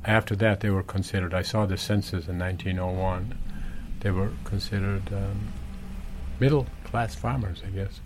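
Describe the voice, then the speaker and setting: A man's voice: sits low, fairly even intonation, moderate pace, slight background noise. An Irish man in his seventies, rambling through memories with lots of "you know" and chuckles. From Ireland, Galway. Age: 70s. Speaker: interviewee, corner shop owner. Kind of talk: reminiscing conversational storytelling.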